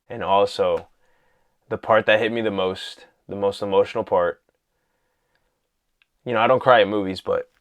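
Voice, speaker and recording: A man casually talking through a film he loved, excited and rambling, full of "you know" and "like". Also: deep voice. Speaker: vlogger reviewing a film. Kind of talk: casual movie talk.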